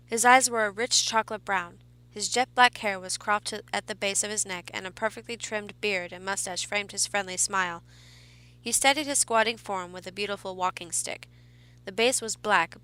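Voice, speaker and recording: A woman narrating a horror story in a measured reading with small restarts. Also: mid-range voice, bright, forceful tone.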